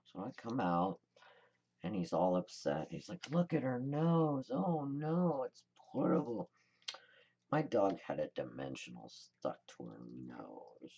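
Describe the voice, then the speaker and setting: Slow, deep-voiced woman demonstrating crafts. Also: vocal fry, a little mellow, slightly rough. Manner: chatty, rambling, thinks aloud while working. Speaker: card-making tutorial host.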